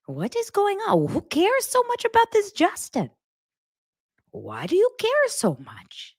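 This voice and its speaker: A fretful older mother frets in a thin, high-pitched voice, as a woman puts her on. Her pitch jumps around anxiously, and she keeps asking worried questions. The voice sounds close and dry. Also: wildly swooping pitch, a little slow, darkish tone, no echo, full character voice.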